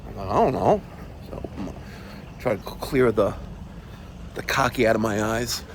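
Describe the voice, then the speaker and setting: Outdoors at a pool-filled resort, a middle-aged vlogger chats casually with viewers, addressing them as folks and occasionally whispering as he strolls. His voice is fairly low and a little slow, with fairly even intonation, and background noise can be heard.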